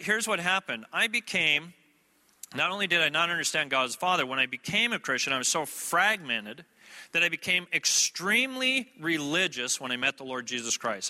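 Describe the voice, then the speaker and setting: Male preacher, sermon, conversational storyteller, higher voice, long hall reverb. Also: sharp tone. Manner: conversational storytelling with asides to the audience. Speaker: traveling preacher.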